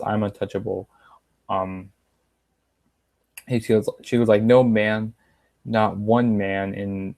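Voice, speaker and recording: A young man reviews a wrestling show in a casual, rambling way, using lots of fillers and repeating lines in a slightly raised voice. His voice is fairly low and a touch mellow, recorded dry.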